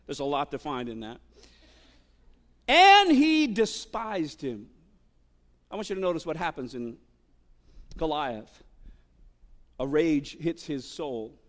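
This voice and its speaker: A man preaching a sermon with impassioned emphasis and wide swings in loudness. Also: on the high side, normal speed, pauses often. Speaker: pastor. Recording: long hall reverb.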